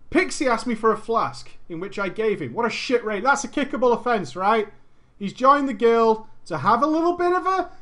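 A man's voice: very high-pitched, big pitch swings, moderate pace, pauses often, fairly bright tone. A man streaming, reading a viewer's story aloud with crude, swearing, jokey asides.

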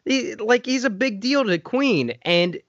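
A man hosting a podcast in casual chat, animated and swearing as he gets worked up. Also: extremely high pitch, measured pace, dry recording. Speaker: podcast host. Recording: dry, dull lo-fi sound.

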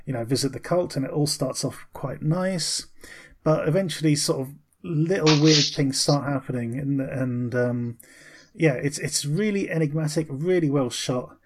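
A man with a somewhat high voice co-hosts a casual film podcast. He rambles through his picks, hesitating with frequent ums and restarts. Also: moderate pace. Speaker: podcast co-host. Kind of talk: casual film review chat.

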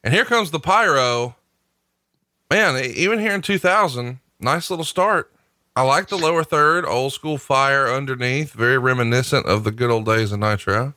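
A man's voice: medium pitch, moderate pace, sharp tone, no room sound, studio quality. A man co-hosting a podcast, reading an ad and chatting casually before a watch-along. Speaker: podcast co-host. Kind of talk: casual podcast chat and ad read.

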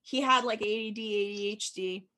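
A woman's voice: mid-range voice, moderate pace, pushed and bright. A woman hosting a podcast over a video call, asking eager questions and laughing often. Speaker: host. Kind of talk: casual chat.

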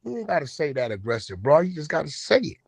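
A man hosting an online talk room, naturally loud, blunt and aggressive, with profane casual speech. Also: a little high, big pitch swings, fast, creaky, husky, no room sound. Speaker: host. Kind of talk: heated casual chat. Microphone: online audio room.

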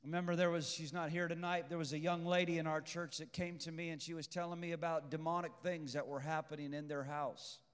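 Male pastor, high voice, preaching, repeats lines for emphasis, loud then hushed, long church reverb. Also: level tone, fairly quick, few pauses, smooth. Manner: swings from shouting to hushed, intense delivery. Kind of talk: preached sermon.

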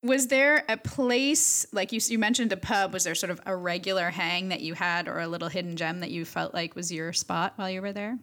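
A woman's voice: fairly low pitch, steady tone, fairly quick, hardly any pauses, a bit bright. A woman hosting a casual podcast interview, asking curious questions and cheering her guest on. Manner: curious, encouraging interviewer with frequent likes. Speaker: podcast host.

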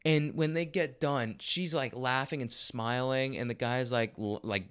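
This young podcast host works on stand-up bits from home, his animated, profane rambling full of restarted sentences and pushes upward in his voice for emphasis. He's mid-pitched and smooth, keeping a measured pace.

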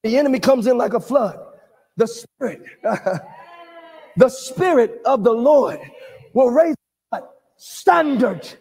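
A man preaching a charismatic sermon, shouting in a sing-song cadence, calling for responses and breaking into tongues. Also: very high-pitched, expressive, slow pace, vocal fry, pauses often, slightly rough. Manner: calls for congregation responses.

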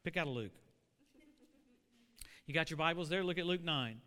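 A high, bright male voice carries this animated storytelling sermon. His tone stays smooth and resonant as he puts questions to the congregation. The sound hangs in a long, echoey church hall. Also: moderate pace, long pauses. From Oklahoma. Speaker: preacher.

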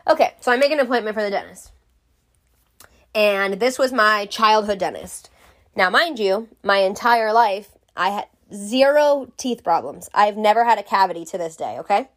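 A woman's voice: medium pitch, a little fast. Profane young woman telling a story. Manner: blunt, profane, exasperated storytelling. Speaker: vlogger. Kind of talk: storytime vlog.

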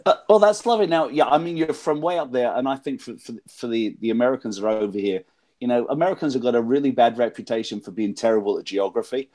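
A man's voice: medium pitch, quick pace, darkish tone. Male host, casual chat, stumbles and repeats words while asking questions.

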